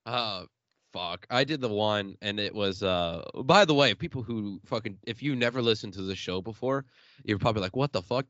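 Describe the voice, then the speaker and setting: A young man from Illinois hosts an uncensored podcast, swearing a lot and laughing as he tells stories. His voice is fairly low and a bit bright, his pace moderate, and the recording is dry and lo-fi.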